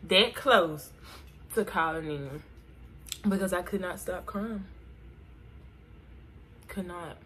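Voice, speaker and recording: A woman's voice: lowish voice, slow pace, pauses often, a bit bright, slight background noise. A woman vlogger chatting playfully with viewers while getting ready, full of slangy asides. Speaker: beauty vlogger. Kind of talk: casual get-ready-with-me chat. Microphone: camera mic while doing makeup.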